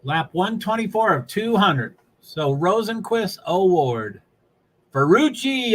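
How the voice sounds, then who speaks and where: A bright, chatty man from New England live-streams while watching a race, his high voice sing-song and slow. He rambles, interrupts himself, and chuckles often in casual chatter.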